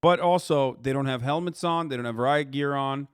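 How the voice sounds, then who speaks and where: A man's voice: medium pitch, normal speed, noisy background. A man in his thirties reacting to a news video on a livestream, ranting heatedly and swearing often as he talks to his chat. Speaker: livestream commentator.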